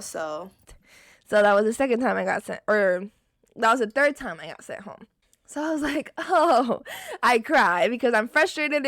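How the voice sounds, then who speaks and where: A young woman vlogger telling a storytime in casual, expressive chat, often swearing. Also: mid-range voice, no room sound, clean studio sound. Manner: animated, expressive and profane.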